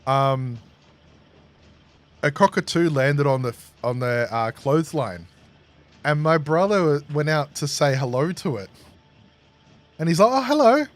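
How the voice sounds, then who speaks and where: A man's voice: fairly high pitch, expressive, unhurried, pauses often. A man from Australia with an Australian accent, chatting casually and telling rambling stories to a live stream audience while he plays a game. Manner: rambling, chatty, laughs at his own stories. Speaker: gaming streamer. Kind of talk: casual storytelling while gaming.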